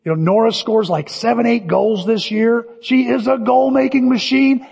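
An older man preaching in a high, husky voice. He tells stories with lively energy, and his words ring with long reverb through a hall, captured on dull, lo-fi audio. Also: normal speed, few pauses. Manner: animated storytelling, shouting cheers in quotes. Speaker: pastor. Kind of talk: sermon.

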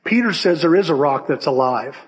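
Male pastor, conversational sermon delivery, fairly high-pitched, long church reverb. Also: fairly quick. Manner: conversational, animated storytelling. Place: church sanctuary.

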